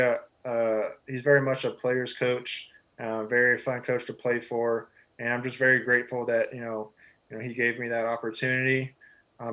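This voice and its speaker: A quarterback in his twenties from Texas answers interview questions as a guest, easygoing and humble, with many "you know" fillers. His medium-pitched voice is a bit bright, and the recording quality is low.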